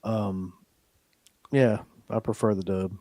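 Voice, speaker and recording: A man's voice: lowish voice, fairly even intonation, slow pace, mellow, dry recording. A man co-hosting a livestream, joking sarcastically and swearing freely. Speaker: co-host of a horror movie livestream. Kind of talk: casual chat.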